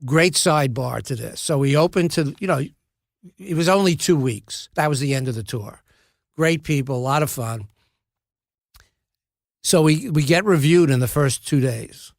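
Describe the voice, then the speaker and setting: Gravelly older man telling wry stories. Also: fairly high pitch, animated, moderate pace, no room sound, clean studio sound. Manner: wry, self-deprecating storyteller with frequent restarts. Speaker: actor, podcast guest. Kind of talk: casual anecdotal storytelling.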